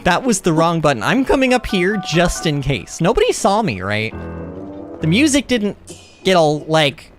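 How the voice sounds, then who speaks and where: A man's voice: on the high side, big pitch swings, moderate pace, soft background music. A man streaming a video game live, chatting playfully with viewers and getting easily alarmed at what happens on screen. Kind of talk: live gameplay commentary.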